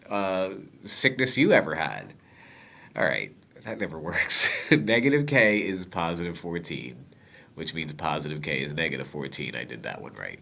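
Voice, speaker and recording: Male math teacher, low nasal stuffy voice, lively bright delivery, joking asides. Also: normal speed, gravelly, slight background noise. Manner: relaxed, joking asides to viewers. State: stuffy with a cold. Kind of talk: step-by-step math lesson.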